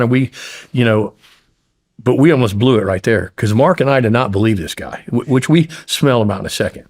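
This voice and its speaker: A middle-aged American man in a casual interview, telling a story with lively quoted voices and plenty of swearing. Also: mid-range voice, fairly quick. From United States. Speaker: podcast guest.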